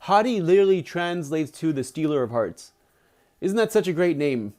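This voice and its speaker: A man's voice: fairly high pitch, expressive, moderate pace, a little mellow. A man streaming live, reading a book aloud with chatty, playful asides to his viewers.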